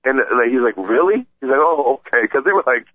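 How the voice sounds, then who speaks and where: A man tells a story in a casual chat, excited and rambling, stumbling over his words as he goes. His voice sits at an ordinary middle pitch. The sound is dry and tinny, like a phone line. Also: fast talker, no echo. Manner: excited, rambling, stammering retelling. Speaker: podcast regular telling a story.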